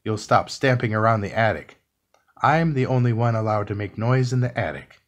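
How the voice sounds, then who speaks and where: A man's voice: fairly low pitch, moderate pace, muffled recording, lightly acted. A man voicing a bossy male ghost in a children's storybook reading, giving stern, roared commands. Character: bossy male ghost laying down house rules.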